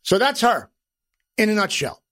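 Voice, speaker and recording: A middle-aged man hosts his own podcast, talking in a blunt, profane, gruff wise-guy way. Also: high-pitched, big pitch swings, moderate pace, a bit bright, dry recording. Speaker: podcast host. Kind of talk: personal podcast monologue.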